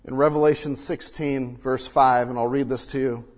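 A man preaching a sermon and reading scripture, swinging between loud emphasis and hushed quiet, recorded in a church sanctuary. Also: medium pitch, fairly even intonation, moderate pace. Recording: long reverb of a large hall.

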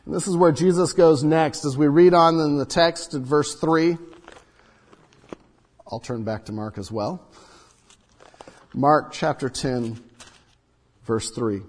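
A man delivers a sermon with a slightly higher-than-average, husky voice. He teaches earnestly and poses rhetorical questions to the congregation. His words ring out with a long reverb off the walls of a large church hall. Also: slow, long pauses, a little mellow. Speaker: pastor.

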